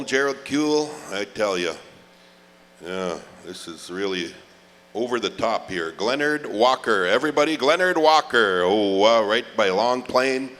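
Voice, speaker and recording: Middle-aged male emcee, low-pitched, chatty and joking, stretches out names, reverberant arena PA with faint noise. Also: fairly bright tone. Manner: chatty, joking, drawn-out name calls. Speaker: powwow emcee. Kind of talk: live event announcing.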